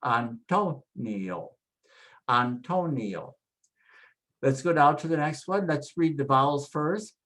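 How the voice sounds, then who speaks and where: A pronunciation instructor teaching Spanish names, spelling out the vowels and repeating each name slowly and patiently. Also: medium pitch, fairly bright tone. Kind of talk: spoken pronunciation lesson.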